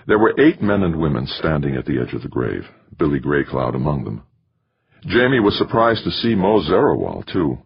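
A man reading a novel aloud as an audiobook narrator, in expressive storytelling. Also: a bass voice, normal speed, creaky, breathy edge, muffled recording. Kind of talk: scripted narration.

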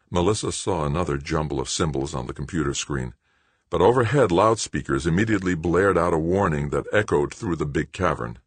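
A man narrating an audiobook in a steady, measured storytelling voice. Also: very deep voice, breathy edge, no echo.

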